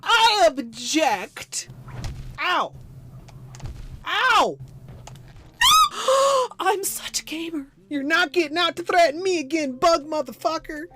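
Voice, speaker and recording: A woman streaming her nail painting, chatting casually with crude, excitable jokes. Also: very high voice, slow pace, music in the background. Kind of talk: casual livestream chat.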